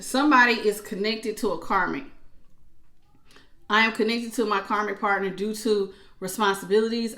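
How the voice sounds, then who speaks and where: A woman giving a casual tarot reading in a chatty, animated way, with features and acted-out asides. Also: mid-range voice. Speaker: tarot reader. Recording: echoey room.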